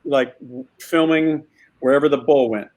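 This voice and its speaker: A man acting as a guest on a call, telling a set story in a lively way with quick voices for the people in it. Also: mid-range voice. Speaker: actor guest. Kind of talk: casual anecdote telling.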